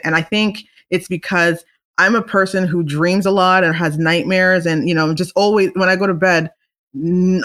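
A woman's voice: lowish voice, pushed and bright. A young woman hosting a solo talk show, chatting casually and rambling with frequent restarts and laughter. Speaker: solo podcast host. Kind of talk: casual chat.

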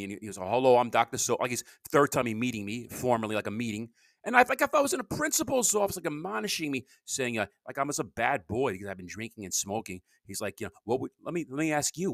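A man's voice: medium pitch, a bit bright, dry recording, clean studio sound. A middle-aged man giving a rambling, confessional podcast monologue. He stammers, repeats his words and speaks bluntly. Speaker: podcast host and comedian.

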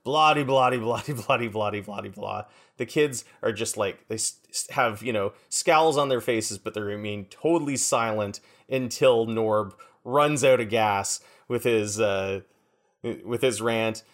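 A man with a lowish voice narrating a tabletop game as game master. He describes scenes in a relaxed way with casual fillers. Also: a little slow.

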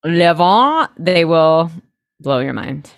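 Woman, young, low pitch, relaxed podcast co-host, dry close sound. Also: no echo. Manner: laid-back, swears casually, tells quick anecdotes. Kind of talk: casual chat.

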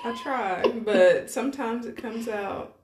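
A woman from Tennessee with a Southern accent, co-hosting a podcast in casual chat and telling animated stories. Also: on the high side, slow, reverberant, a crowd in the background. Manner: animated storyteller, acts out quotes. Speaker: podcast co-host.

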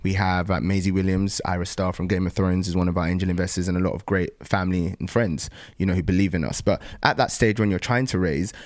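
A young adult man, a startup founder, talking casually in an interview, pausing often with ums and restarting sentences. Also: low voice, steady tone, darkish tone, no echo, clean studio sound. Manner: thoughtful, frequent um pauses and restarts.

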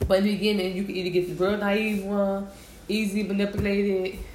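Animated woman chatting in an echoey room. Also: medium pitch, a little fast. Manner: animated, emphatic, repeats herself. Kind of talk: casual chat about zodiac signs. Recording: echoey room with clear background noise.

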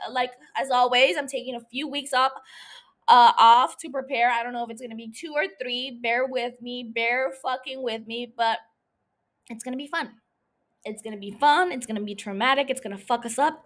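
A woman's voice: high voice, a bit bright. A woman hosting her own podcast in a playful, profane and chatty solo monologue. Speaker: podcast host.

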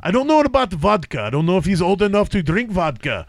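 A man's voice: high-pitched, sing-song, fast talker, no echo, clean studio sound. A man putting on a comic Russian accent, boasting in broken English. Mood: boastful. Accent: put-on Russian.

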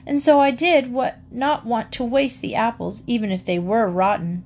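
A woman doing a high-voiced earnest little girl. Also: steady tone, moderate pace, darkish tone, slight background noise, lightly acted. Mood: reproachful. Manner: high, pleading and reproachful. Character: young girl, earnest and easily upset.

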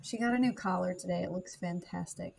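A woman's voice: lowish voice, a little fast, gravelly, a little mellow. Chatty young woman podcast co-host. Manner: chatty, jokey and rambling, with frequent laughs. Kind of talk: casual chat.

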